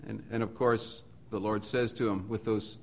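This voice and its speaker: A man's voice: lowish voice, fairly even intonation, moderate pace, vocal fry. Earnest man preaching a sermon. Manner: earnest, rhetorical repetition, swings between soft and emphatic.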